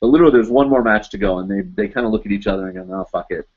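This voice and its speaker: Livestream host, male, somewhat low pitch, loose chatty anecdote delivery with constant fillers, dull recording. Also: animated, racing. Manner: rambling, loaded with "you know" and "like". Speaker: live chat show host. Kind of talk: casual storytelling.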